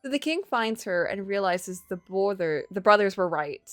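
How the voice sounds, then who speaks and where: Over faint background music, a woman with a mid-range voice talks at normal speed on a dry recording. As she live-streams a game, she reads its text aloud and chats casually, lively and chatty, laughing often and gasping as she reacts.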